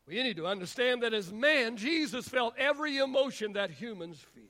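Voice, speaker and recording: Pastor, male, high bright voice, sermon delivery with rhythmic repetition, sudden shouts and long pauses. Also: animated. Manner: preacher's cadence, repetitive and rising to shouts, drawn-out pauses.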